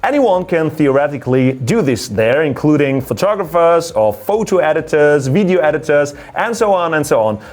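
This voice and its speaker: This is a German-accented man in his thirties hosting an explainer vlog, and his voice sits a little high for a man. He talks in an upbeat, explanatory way and swings his pitch up to stress points. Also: very animated, normal speed, few pauses, darkish tone. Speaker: photography YouTuber and former radio presenter.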